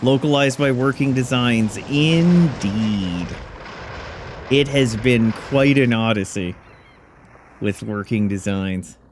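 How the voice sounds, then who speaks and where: A man's voice: mid-range voice, takes it slowly, a little hiss or hum. A man giving casual, sardonic commentary while playing a video game, wisecracking about what's on screen. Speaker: let's play commentator.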